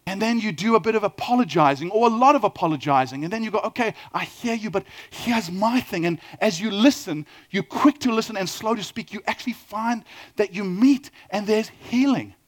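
A middle-aged man with a South African accent, preaching a sermon with lively storytelling and questions to the audience. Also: high voice, fairly quick. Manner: animated storytelling, asks the audience questions, acts out quoted dialogue. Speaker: pastor.

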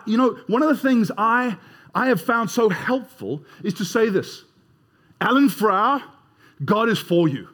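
A man's voice: very high voice, fairly bright tone, slightly rough. A man preaching a sermon in a conversational way, leading the congregation in call-and-response. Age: 30s or older.

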